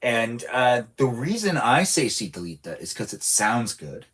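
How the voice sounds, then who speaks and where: A man's voice: mid-range voice, very animated, unhurried, a bit bright. A man chatting playfully with his live-stream audience while gaming, rambling and full of energy. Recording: clear background music. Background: music.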